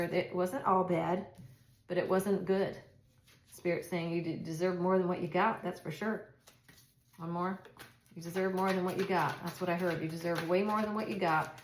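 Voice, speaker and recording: A middle-aged woman doing a casual tarot reading, chatty and reassuring, thinking aloud with frequent restarts. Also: fairly low pitch. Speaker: tarot reader. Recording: echoey room.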